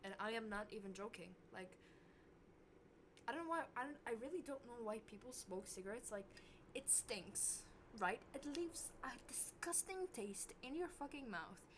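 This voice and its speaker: Young woman vlogging, animated, swears a ton, hiss behind her voice. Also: moderate pace. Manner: animated, swears a lot, voice jumps high when worked up. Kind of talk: casual storytelling to camera.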